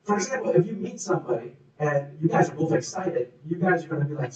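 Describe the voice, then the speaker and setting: A man's voice: fairly high pitch, lively intonation, fast, few pauses, distant mic. A man giving a live workshop talk, answering audience questions with coaching tips and acted demonstrations of how people sound. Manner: coaching, demonstrates voices and moods. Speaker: workshop speaker. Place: meeting room. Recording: echoey room, speaker off mic.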